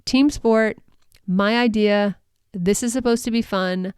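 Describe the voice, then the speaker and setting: A woman's voice: mid-range voice, takes it slowly, darkish tone, clear, resonant tone, no echo, studio quality. A woman coaching dog sport handlers on her podcast, chatty and upbeat, with many fillers and frequent laughter. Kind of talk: solo coaching podcast talk.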